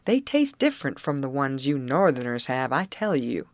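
A woman's voice: very deep voice, very animated, moderate pace, no echo. A woman reading aloud, voicing a folksy male driver from the South with a drawl. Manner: folksy, plain-spoken drawl.

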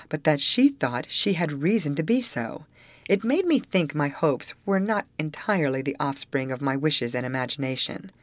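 Low-pitched woman narrating an old novel, steady and even, dry close mic. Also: no room sound. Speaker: audiobook narrator. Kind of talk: literary audiobook narration.

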